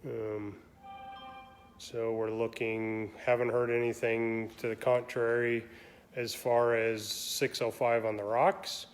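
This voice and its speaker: A man hosting a casual live stream, rambling along with many pauses and ums. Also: mid-range voice, level tone, soft background music. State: has the hiccups. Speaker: shop owner hosting a weekly live stream.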